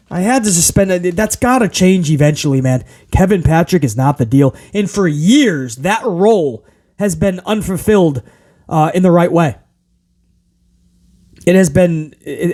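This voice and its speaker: A man hosting a casual wrestling review, ranting in an animated, exasperated way. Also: high-pitched. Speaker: podcast host.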